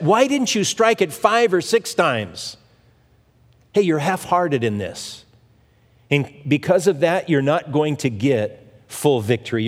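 A man preaching a sermon and telling stories from scripture, acting out each figure's lines as he goes. His voice sits a little high for a man. A long hall reverb trails behind every phrase. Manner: storytelling preacher who acts out the scripture voices. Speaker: pastor.

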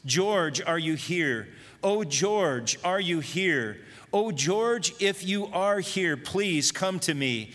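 A man's voice: sits high, lively intonation, slow, fairly bright tone, in a large hall, voice pushed up, heavily acted. A man voicing a heartbroken old father who calls out for his lost son in a cracking, quivering voice. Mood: pleading. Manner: pleading.

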